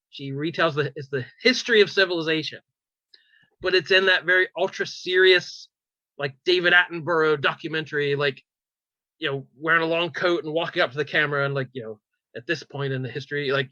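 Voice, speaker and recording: A man's voice: fairly high pitch, bright, forceful tone, dry recording. A man co-hosting a casual pop culture podcast, animatedly retelling a show with lots of "like"s and restarts. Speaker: podcast co-host. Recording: slightly dull, dry recording.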